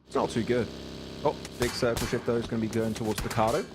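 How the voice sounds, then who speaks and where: An English man casting a live esports match, chatty and quick to laugh. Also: mid-range voice, steady tone, noisy background. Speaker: esports caster.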